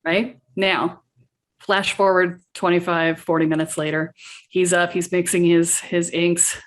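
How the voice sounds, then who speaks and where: Guest spot: middle-aged woman, lowish voice, animated storyteller who acts out dialogue. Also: unhurried. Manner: vivid storyteller, acts out dialogue, laughs often. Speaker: podcast guest, shaman and coach.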